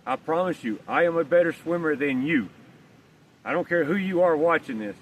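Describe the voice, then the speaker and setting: Male vlogger, casual rambling yarn told outdoors, slightly raised pitch, recorded from a distance. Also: moderate pace. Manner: rambling, folksy, swears casually. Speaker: vlogger telling a story. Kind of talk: casual storytelling. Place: outdoors, walking with a dog. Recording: distant mic, faint outdoor noise.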